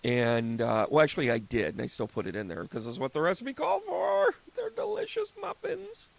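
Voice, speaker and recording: Gravelly-voiced man in his fifties, joking. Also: mid-range voice, wildly swooping pitch, a little fast. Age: 50s. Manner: rambling, joking storyteller who acts out little scenes. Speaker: host and psychic medium. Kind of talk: casual solo podcast talk.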